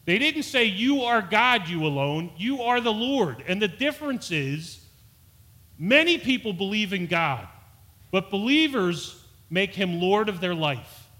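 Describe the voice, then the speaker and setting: Male pastor, earnest sermon delivery, bright tone with a slightly high pitch. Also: very animated, measured pace. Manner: earnest, repeats and restarts words, rises for emphasis.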